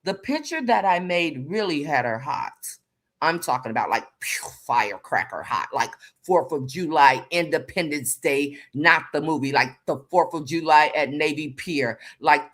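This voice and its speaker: A woman hosting a casual live chat, animated and slangy, greeting viewers by name as she talks. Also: on the low side. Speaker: livestream host.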